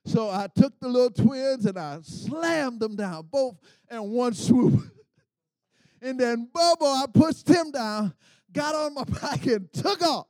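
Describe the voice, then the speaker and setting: A high-pitched middle-aged male preacher delivers a sermon in a rising call-and-response style. He calls out to the congregation and swells into shouts at his peaks. The sound is close and dry, with no room echo. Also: lively intonation, takes it slowly.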